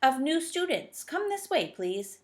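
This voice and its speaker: A woman's voice: sits high, sing-song, pitched above the performer's own voice. Woman playing a stern old schoolmistress. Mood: commanding. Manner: brisk, commanding.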